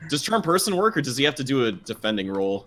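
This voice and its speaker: A man's voice: mid-range voice, big pitch swings, fast talker, crowd noise. A man playing a bard in a tabletop game, speaking casually and a bit hesitantly. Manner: hesitant, laughs often. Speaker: player. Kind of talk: casual in-character play.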